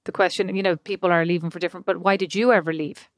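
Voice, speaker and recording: A woman's voice: lowish voice, steady tone, rapid-fire, dry recording, studio quality. A woman co-hosting a podcast, chatting casually and probing with questions. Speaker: podcast co-host. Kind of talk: casual chat.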